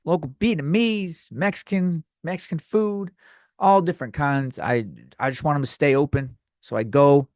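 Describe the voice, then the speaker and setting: A man's voice: on the high side, normal speed, darkish tone, no room sound, studio quality. Crude rambling male podcast ranter. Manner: rambling, crude, sarcastic storytelling with frequent restarts. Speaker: podcast host. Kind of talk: comedic rant podcast.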